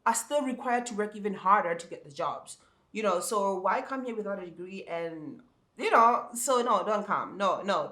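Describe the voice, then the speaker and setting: High-voiced man with an African accent. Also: bright, forceful tone. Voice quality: high, soprano-like voice. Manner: chatty, repeats words, speaks straight to viewers. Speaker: ESL teacher vlogger. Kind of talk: casual advice vlog. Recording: echoey room.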